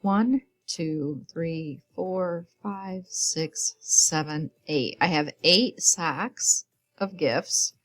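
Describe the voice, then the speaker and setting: A woman's voice: low-pitched, very slow. A woman teacher giving patient, step-by-step morning work instructions to young children, counting aloud as she goes. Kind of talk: recorded classroom instructions.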